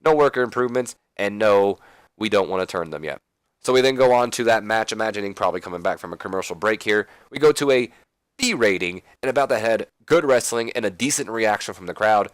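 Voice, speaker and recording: A man's voice: fairly low pitch, a bit bright, smooth, dry recording. A man hosting a let's play, giving loose, chatty game commentary with lots of filler.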